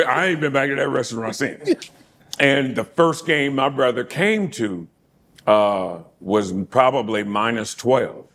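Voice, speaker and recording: Middle-aged man, interview guest, lively reminiscing, frequent laughter, repeated words. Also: medium pitch. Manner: animated storyteller who laughs often and repeats words. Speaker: interview guest, former pro football player. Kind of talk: casual reminiscing conversation.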